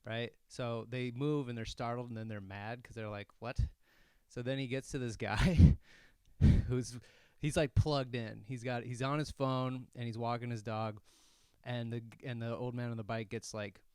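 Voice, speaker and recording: A man co-hosting a comedy podcast, telling stories in a casual, animated way and shouting out bits of them. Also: mid-range voice, normal speed, smooth, no echo, clean studio sound. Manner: animated, shouts when acting out a story.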